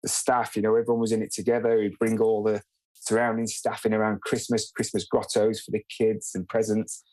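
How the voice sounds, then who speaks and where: Podcast guest: low-pitched man, easygoing and reflective, dry recording. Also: completely flat delivery, brisk, a little mellow, no room sound, poor audio. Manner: easygoing, reflective, short plain sentences. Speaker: guest, former footballer. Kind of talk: casual podcast chat.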